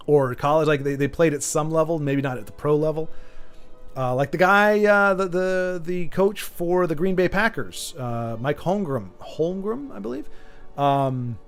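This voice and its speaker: A man streaming a video game, joking and rambling as he chats with his viewers. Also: sits high. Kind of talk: casual gaming commentary. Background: faint game music.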